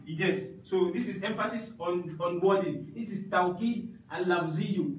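A man's voice: high-pitched, normal speed, slight background noise. A man teaching an Arabic grammar class, explaining step by step and often checking with his students. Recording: echoey room, mic at a distance.

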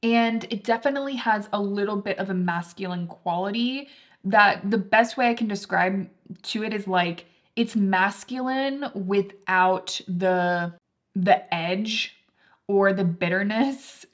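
A woman's voice: mid-range voice, a little slow. Casting: young woman, chatty beauty vlogger, mid-range voice, lots of fillers. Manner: chatty, filler-heavy, enthusiastic. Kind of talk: casual product review.

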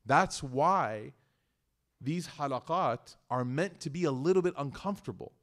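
Male community speaker, relaxed faith talk, humorous storyteller who trips over his words. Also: fairly high pitch, unhurried. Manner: conversational and joking, with frequent restarts. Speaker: speaker at a community study circle. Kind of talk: casual religious talk with personal stories.

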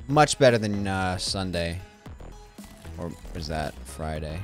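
A man's voice: low voice, expressive, slow, pauses often. A man streaming a game, joking and rambling to himself in casual gameplay commentary. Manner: joking, rambling, self-talking while playing. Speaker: gaming streamer. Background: game music.

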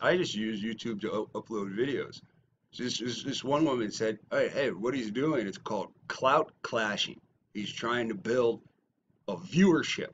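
A man ranting in a lo-fi callout video, his voice sitting in a middling register. He mocks his critics, dropping to low mutters and then bursting into shouts. The audio sounds dull and muffled. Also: a little hiss or hum. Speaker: YouTuber. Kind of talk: confrontational response video rant.

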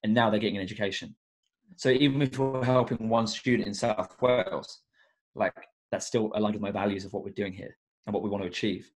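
Young man, education coach, low voice, earnest, reflective, lots of fillers. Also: fairly even intonation, a little fast. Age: young adult. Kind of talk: casual podcast interview.

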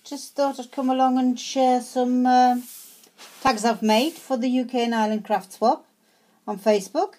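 A woman's voice: high-pitched, fairly even intonation, normal speed, mellow. A woman chatting casually as she shows her handmade tags, hesitant with many fillers and restarts. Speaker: craft vlogger. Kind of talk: casual show-and-tell.

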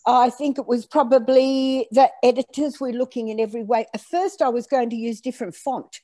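An older woman raised in Australia and born in Greece, telling her story in an animated, conversational interview. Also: a little high, a little fast, no echo, studio quality. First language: Greek. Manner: animated storyteller acting out quoted dialogue. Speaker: author being interviewed.

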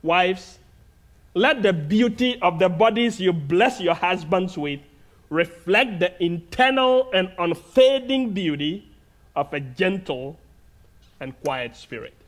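Slow earnest Ghanaian-accented preacher man. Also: high-pitched, lively intonation. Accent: Ghanaian English. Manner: slow, deliberate, earnest preaching with long pauses. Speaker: guest preacher. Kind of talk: sermon. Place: church sanctuary.

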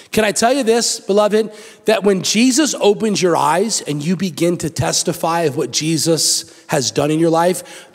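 A male pastor preaching a sermon, animated and acting out the story in different voices. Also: a little high, big-room sound. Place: church sanctuary.

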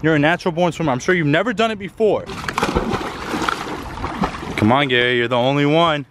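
A man's voice: fairly high pitch, fairly quick. A man casually vlogging outdoors by a pool, playfully coaxing his dog and putting on joking voices for it. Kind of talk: casual vlog narration. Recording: noisy outdoor recording.

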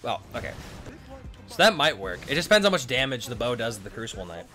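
A man's voice: medium pitch, sing-song, quick pace, pushed and bright, soft background music. A young man commenting casually on his own gameplay, swearing and breaking into frustrated outbursts. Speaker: gaming streamer.

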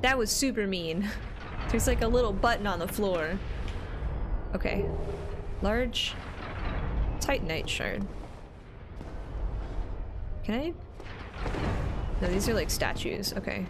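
A woman's voice: medium pitch, animated, slow, pauses often, background noise. A woman streaming a video game, chatting casually and greeting her viewers by name. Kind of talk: casual gameplay commentary.

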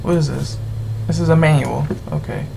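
A gamer giving rambling, exasperated commentary while playing, yelling at the game's characters. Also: mid-range voice, moderate pace, vocal fry, a little hiss or hum. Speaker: let's play gamer. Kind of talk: gameplay commentary.

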